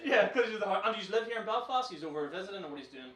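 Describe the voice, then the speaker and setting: On a comedy club stage indoors, a man with a Northern Irish accent hosts the night, his high voice racing with lively intonation as he teases the front row with brash, sweary crowd work and laughs often. The live sound is roomy and distant, with the audience loudly laughing and cheering.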